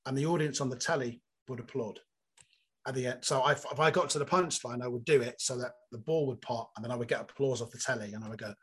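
A comedian guest from Cornwall, telling candid, animated anecdotes with self-mocking asides in an interview. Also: male voice, mid-range voice, breathy edge. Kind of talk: storytelling interview chat.

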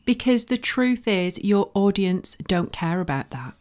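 A woman's voice: medium pitch, expressive, a little slow, darkish tone. A woman with a Northern English accent from Bolton, hosting a solo podcast and giving frank, emphatic encouragement. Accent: Northern English (Lancashire). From Bolton, northwest England. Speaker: podcast host. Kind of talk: solo podcast advice talk.

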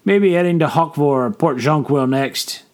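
A man voicing a blunt, wiry male sailor who talks in rough dockside slang. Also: fairly high pitch, animated, normal speed, a little mellow, voice pushed up, natural voice.

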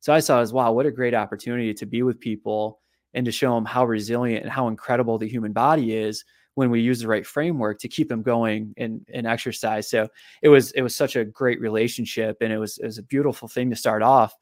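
A man's voice: medium pitch, quick pace, dry recording. Guy telling a long story on a podcast, lots of restarts and repeats, dry close mic. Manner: animated storyteller, frequent repeated words. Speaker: guest, physical therapist and author.

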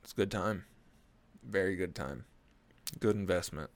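A man's voice: low-pitched, moderate pace. A man, rambling through a profane, jokey monologue as a podcast host. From Oklahoma. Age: early 20s. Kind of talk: casual comedic monologue.

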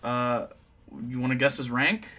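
A man with a bright, ringing voice at an ordinary pitch talks through a film in relaxed podcast chat. He explains plot points matter-of-factly and teases his co-host along the way. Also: measured pace, a little hiss or hum. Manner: teasing, matter-of-fact explainer. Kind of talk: casual movie recap chat.

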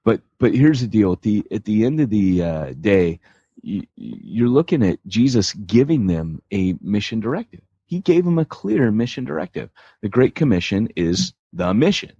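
An American man co-hosts a church planting podcast, explaining his point casually with animated jokes and a lot of restarts. His lowish voice is husky and moves at normal speed, and the audio is dull with no echo.

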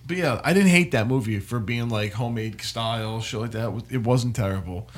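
A man's voice: medium pitch, a little fast. A man, co-hosting a podcast in casual, rambling chat full of swearing. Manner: laid-back, rambling, swears a lot. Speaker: podcast co-host.

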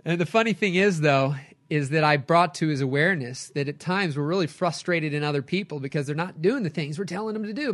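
A middle-aged man, a coach and podcast host, giving an energetic motivational talk with lively storytelling. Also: fairly high pitch, moderate pace. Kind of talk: motivational talk, live stream.

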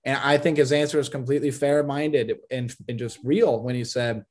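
A man's voice: medium pitch, a little fast, few pauses, darkish tone. A man co-hosting a casual sports talk show, giving opinionated takes on college football recruiting and teasing his co-host.

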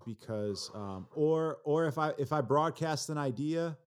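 A man who is a rapper talks as a guest on a casual podcast. He speaks in a relaxed way and often hesitates and starts his sentences over. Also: fairly high pitch, unhurried, smooth. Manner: relaxed, hesitant, many fillers and restarts.

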